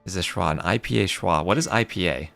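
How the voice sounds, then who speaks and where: A man's voice: low-pitched, fairly quick, gravelly, fairly bright tone, faint music behind. A man casting a live strategy game match, calling plays and chatting with viewers between fights. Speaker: esports caster.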